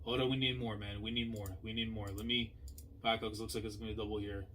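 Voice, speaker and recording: A young man hosting a manga reaction, talking casually in slang and swinging between low muttering and loud outbursts. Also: level tone, fast, a little hiss or hum.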